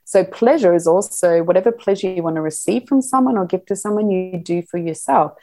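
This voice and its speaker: A middle-aged woman talking casually as a podcast guest, animated and laughing often as she acts out little quotes. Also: on the low side, fairly quick. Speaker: podcast guest, sex educator. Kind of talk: casual interview chat.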